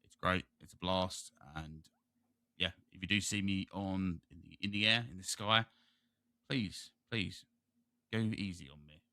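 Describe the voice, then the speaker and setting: A man's voice: deep voice, fairly even intonation, a little slow, bright, forceful tone, no echo, studio quality. A British man hosting a gaming podcast, chatting casually in a rambling, jokey way. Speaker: podcast host. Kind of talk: casual chat.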